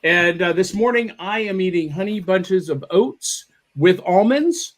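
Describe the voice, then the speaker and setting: A man hosts a casual morning podcast over a video call. His voice is high for a man, and he sounds upbeat and excitable. He often says the same phrase twice as he talks. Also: unhurried. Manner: upbeat and excitable, repeats himself. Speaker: podcast host. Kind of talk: casual chat.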